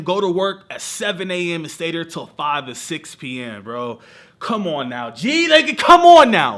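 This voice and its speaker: Bright-voiced young man vlogging, animated. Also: medium pitch. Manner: animated, emotional storytelling with slang like bro and y'all. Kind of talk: casual vlog chat. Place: lives in Southern California.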